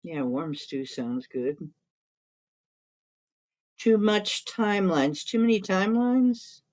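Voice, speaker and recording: Slow-talking woman chatting with her stream. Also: medium pitch, lively intonation, darkish tone. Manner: rambling, chuckles often, talks to her cat. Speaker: live-stream host. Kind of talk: casual chat reading live comments.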